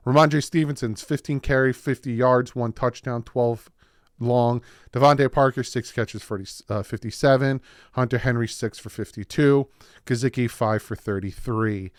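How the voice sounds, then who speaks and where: A man hosting a casual football recap video, excited and winded, rattling off game stats. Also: medium pitch, moderate pace, no echo, clean studio sound. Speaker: sports video host.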